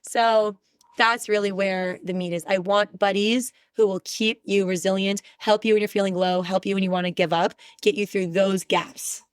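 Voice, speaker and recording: A woman's voice: mid-range voice, fairly even intonation, moderate pace, clear, resonant tone, no room sound. Candid, emphatic woman guest, dry close sound. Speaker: podcast guest, relationship expert. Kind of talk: casual podcast conversation.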